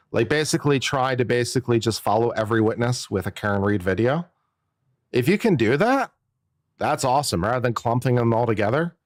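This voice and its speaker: A man's voice: mid-range voice, no room sound, clean studio sound. Chatty man musing on a live stream. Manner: chatty, jokey, muses aloud and repeats himself. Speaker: attorney commentator. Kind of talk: casual live-stream commentary.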